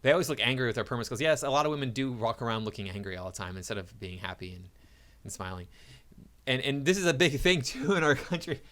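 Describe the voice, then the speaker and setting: A man's voice: medium pitch, expressive, fast talker, a bit bright. A man reads items from a list aloud and comments on each in an opinionated way, chuckling often between remarks. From United States.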